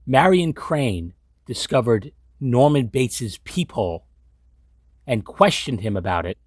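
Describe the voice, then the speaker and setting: A man's voice: mid-range voice, sing-song, a little slow, dry recording, studio quality. A man giving casual, sarcastic episode commentary, swearing often and sounding incredulous. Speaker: commentary host.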